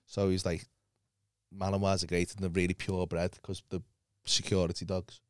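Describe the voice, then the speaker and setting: A young man, a comedian telling animated, sweary stories in casual podcast chat. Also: low voice, normal speed, clear, resonant tone, no room sound, clean studio sound.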